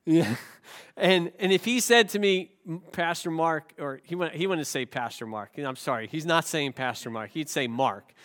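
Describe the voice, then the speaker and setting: A man's voice: a little high, normal speed, a bit bright. A male pastor with a cold, preaching a sermon with rhetorical questions and self-deprecating jokes. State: has a cold.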